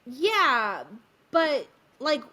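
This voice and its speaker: A woman co-hosting a podcast, chatting casually and retelling a musical's plot with lively quoted voices. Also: sits high, drawn-out words. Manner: animated retelling with quoted voices, frequent fillers. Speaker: podcast co-host. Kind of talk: casual chat recapping a musical.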